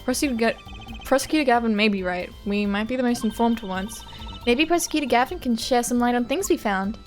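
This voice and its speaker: A woman's voice: on the high side, expressive, a little fast, soft background music, natural voice. A woman voicing an earnest young male defense attorney, flustered and wry, reading game lines on stream.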